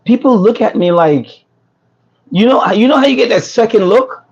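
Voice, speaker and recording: Joking and laughing with viewers as his voice fades, a New Yorker hosts a food truck business livestream and casually reads comments. His voice sits high with a darkish, slightly rough tone at a moderate pace, and the phone recording has the highs cut off.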